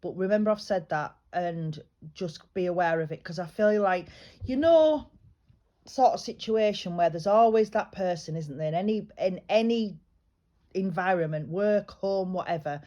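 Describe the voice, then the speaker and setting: A woman working as a psychic medium, giving a private reading in a chatty, reassuring way, often pausing and restarting her sentences. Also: lowish voice, dark tone, dull audio. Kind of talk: private spiritual reading, casual chat.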